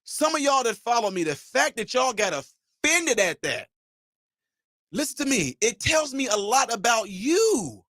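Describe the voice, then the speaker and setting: A man hosting his own channel, delivering an emphatic commentary rant with shouted punchlines and mocking imitations of his critics. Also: extremely high pitch, sing-song, measured pace, no room sound. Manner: mocks imagined critics in a mimicking voice. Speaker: channel host.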